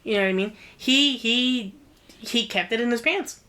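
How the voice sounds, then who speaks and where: A woman's voice: fairly high pitch, slight background noise. Woman co-host recapping a plot, casual. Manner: rapid, profane plot recap with animated asides. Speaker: podcast co-host. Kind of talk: casual book-discussion chat.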